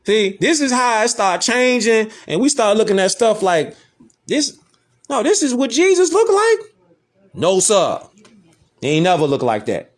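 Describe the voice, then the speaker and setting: A man's voice: high voice, fairly bright tone. A man hosting a casual lecture, talking emphatically in slangy street talk and repeating rhetorical questions. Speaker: host. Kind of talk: casual lecture showing images.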